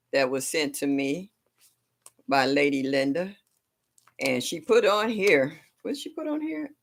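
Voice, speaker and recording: A woman's voice: deep voice, fairly bright tone. A woman hosting a casual gardening livestream from home, chatting expressively and reacting aloud to viewer comments. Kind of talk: casual live chat with viewers. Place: home in Ohio.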